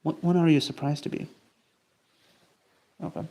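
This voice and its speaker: A man's voice: a little high, steady tone, normal speed, creaky, dark tone. A man streaming live, chatting casually and rambling as he answers his chat while he draws. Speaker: streamer and artist.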